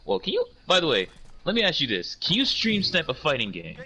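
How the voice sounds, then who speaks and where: A man in casual podcast chat, telling a story with lively energy. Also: a little fast. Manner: animated storyteller, mimics opponents in high squeals.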